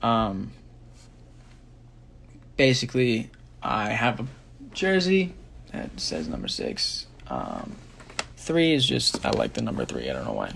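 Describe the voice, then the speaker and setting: A man's voice: lowish voice, huge pitch swings, takes it slowly, vocal fry, pauses often, fairly bright tone, a little hiss or hum. A young man, a singer, casually answering fan questions on a phone livestream, sleepy and rambling with many fillers. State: sleepy, yawning.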